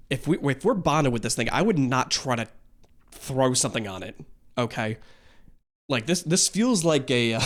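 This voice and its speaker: A man hosting a reaction video, chatting casually as he watches. His pitch swings widely and shoots high when he gets excited. He swears freely and stumbles through restarts as his thoughts race ahead of his words.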